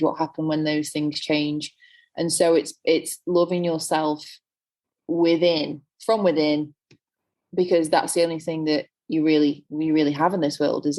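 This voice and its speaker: A woman who is a guest coach on a podcast, speaking in a reflective, warm-hearted, encouraging way. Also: sits low. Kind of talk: casual interview chat.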